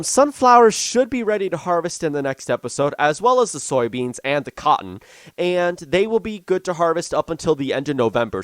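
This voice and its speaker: A man's voice: medium pitch, clean tone, no echo. A young man talking casually over a farming game, thinking aloud with lots of ums and restarts. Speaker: gaming YouTuber. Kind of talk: casual let's-play commentary.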